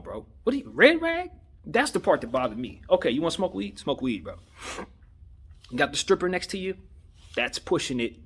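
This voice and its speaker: A man from Los Angeles giving his opinion in a casual monologue, conversational and slangy, often repeating himself for emphasis. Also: medium pitch. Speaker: vlogger giving sports opinion.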